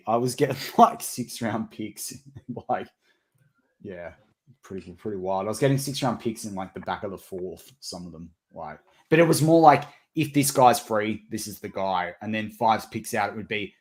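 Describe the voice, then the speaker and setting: A casual man with a lowish voice talks through draft picks in loose, rambling chat, full of restarts and fillers. He sounds like a fan co-hosting a live stream over a call. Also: normal speed. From Australia. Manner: rambling, restarts and fillers, chatty football analysis. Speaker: co-host of a fan watch party stream.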